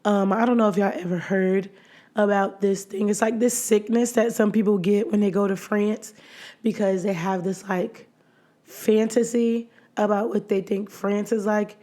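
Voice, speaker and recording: A woman hosting her own podcast in a casual solo chat, her voice hoarse and nearly gone, chatty and often laughing between phrases. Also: medium pitch, fairly even intonation, moderate pace, mellow. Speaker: podcast host.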